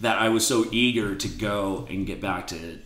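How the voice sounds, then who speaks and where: A man telling a story as a podcast guest in a blunt, profane, animated way. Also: on the low side, normal speed, roomy sound. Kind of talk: casual interview storytelling.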